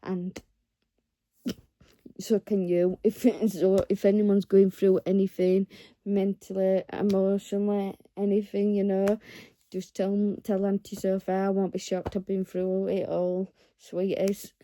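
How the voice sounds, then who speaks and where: A woman's voice: medium pitch, completely flat delivery, unhurried, warm tone. A woman vlogging to camera in a casual, rambling way, earnest and encouraging toward her viewers.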